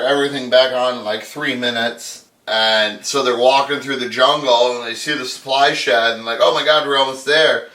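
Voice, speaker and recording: A man's voice: medium pitch, sharp tone, far from the mic. A man giving a crude, sarcastic comedic recap of a movie, swearing constantly. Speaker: podcast host. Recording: echoey room, off mic.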